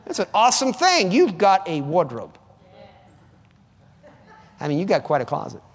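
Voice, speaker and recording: Animated high-pitched male preacher. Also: moderate pace, big-room sound. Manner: emphatic and conversational, repeats phrases for effect. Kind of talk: sermon.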